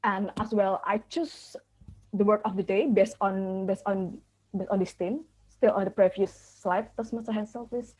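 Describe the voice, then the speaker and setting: A woman's voice: medium pitch, fairly even intonation, moderate pace, darkish tone. A woman hosting an online club meeting over a video call, speaking hesitantly and often repeating words. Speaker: meeting host. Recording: dull video call audio.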